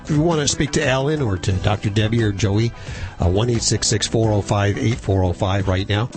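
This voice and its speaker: A man hosting a radio show, giving the call-in number and promoting upcoming guests in a relaxed, conversational way. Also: fairly low pitch, a little fast, music in the background.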